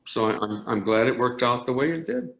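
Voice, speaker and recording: An older man, an orchestra conductor, telling animated anecdotes in an interview with frequent restarts. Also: mid-range voice, fairly quick, vocal fry. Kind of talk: storytelling interview. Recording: roomy echo.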